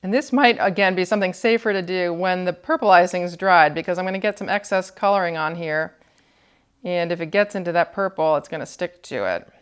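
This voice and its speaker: A woman teaching cookie decorating, calmly explaining each step while she works. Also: lowish voice, fairly quick, clean tone. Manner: calm, explanatory, thinking aloud while working. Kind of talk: step-by-step demonstration.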